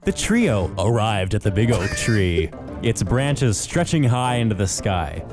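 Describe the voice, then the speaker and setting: A man's voice: lowish voice, very animated, unhurried, over music. A man co-hosting a podcast, chatting casually and narrating a children's story in a sinister movie-trailer style. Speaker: podcast co-host.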